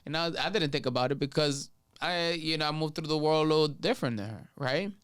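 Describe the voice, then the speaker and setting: A man, a guest comedian, telling a story in a casual, animated way and switching into Spanish mid-sentence. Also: fairly high pitch, fast talker, clean tone, dry recording, studio quality.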